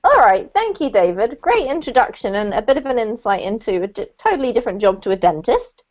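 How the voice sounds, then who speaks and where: A woman's voice: on the high side, big pitch swings, a little fast. A woman teaching an online English conversation class, upbeat and coaching, laughing often as she guides students. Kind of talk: friendly online class hosting. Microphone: video call. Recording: muffled lo-fi call audio.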